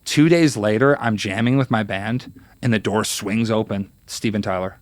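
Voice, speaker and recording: This man, in his thirties, is a guest guitarist spinning stories during an informal interview. He speaks at a moderate pace in a fairly low voice, animated, acting out quotes and using many fillers, on a dry recording.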